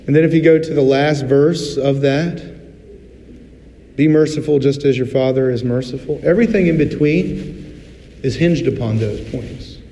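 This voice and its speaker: A man preaching a sermon as pastor, talking candidly and conversationally, acting out quick little voices as he goes. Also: medium pitch, mellow, slight background noise. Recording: roomy hall reverb, faint ambience.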